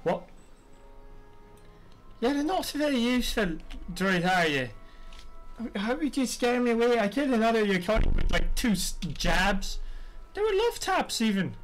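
A man with a high voice talks casually through a game stream, chatty and swearing freely as he reacts to the screen. Faint game music plays under his voice. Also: lively intonation, unhurried. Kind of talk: casual gameplay commentary.

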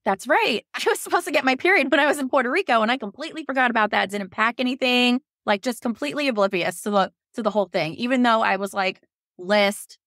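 Lively woman telling a story. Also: fast, dry recording, clean studio sound. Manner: animated, laughs often, acts out quotes in a higher voice. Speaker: podcast guest. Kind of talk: casual storytelling.

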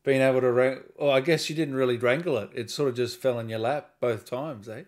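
A man's voice: mid-range voice, steady tone, brisk, a little mellow. A man hosting an interview in an easygoing, agreeable way, asking questions and reading viewer messages. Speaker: podcast host. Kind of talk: casual interview.

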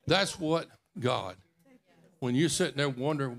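A man's voice: mid-range voice, takes it slowly, creaky, pauses often, a bit bright. A man preaching a sermon, telling a personal story in a folksy, intimate way. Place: church.

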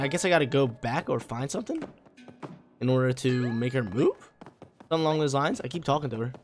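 Hoarse young man commentating gameplay. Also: mid-range voice. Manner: laid-back, slangy, excitable bursts.

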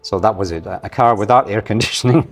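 A low-pitched man in his sixties with a soft Scottish accent that travel has worn thin. He guests on a podcast, telling a long anecdote at an easy pace and slipping into the voices of people he met. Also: fast. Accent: light Scottish, softened by travel. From Scotland. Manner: relaxed anecdotal storyteller, acts out the voices of others. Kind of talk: long-form storytelling interview.

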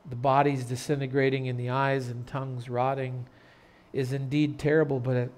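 A man pastor preaching an earnest sermon in a church, turning loud and dramatic when telling a story. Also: mid-range voice, level tone, moderate pace. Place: church sanctuary.

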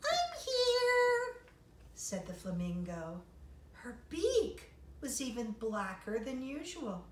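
A woman's voice: medium pitch, very animated, takes it slowly, a little mellow. Encouraging woman teaching small kids. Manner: encouraging, sing-song, talks to children. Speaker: kindergarten music teacher. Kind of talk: online music lesson and story reading for young children. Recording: roomy, distant mic, faint noise.

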